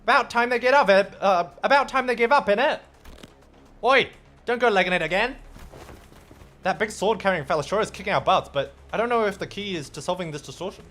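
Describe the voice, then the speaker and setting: A man's voice: high-pitched, a little fast, fairly bright tone, faint music behind, voice pushed up. A man doing a cocky British brawler. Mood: cocky, exasperated. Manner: cocky slangy banter, gruff. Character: rough-talking British male fighter, cheeky and blunt. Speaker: streamer voicing game dialogue.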